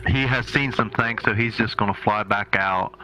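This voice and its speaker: A man's voice: fairly low pitch, normal speed, pushed and bright, faint music behind, rough recording. A man playing in a tabletop game, describing his moves in a rambling, hesitant way. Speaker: player.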